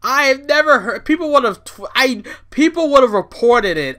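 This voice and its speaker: A man hosting a podcast who rants in a loose, rambling way, swearing often and leaning on "you know." His voice sits high and sounds bright and sharp. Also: normal speed, few pauses. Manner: rambling, profane, excitable, fillers like "you know". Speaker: podcast host. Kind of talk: casual ranting commentary.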